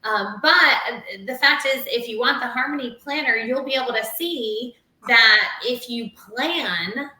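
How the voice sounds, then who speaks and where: Female guest, bright tone, talks in long loose runs, roomy sound. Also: fairly high pitch, measured pace. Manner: chatty, rambling with fillers. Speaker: holistic doctor guest. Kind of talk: casual live-stream chat.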